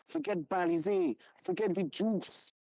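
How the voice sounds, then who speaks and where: A woman's voice: fairly low pitch, unhurried, mellow, rough recording. A woman from Trinidad with a Trinidadian-English accent, calling in to give a fervent, preachy, rallying opinion. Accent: Trinidadian with English mix. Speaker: caller. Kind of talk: call-in opinion.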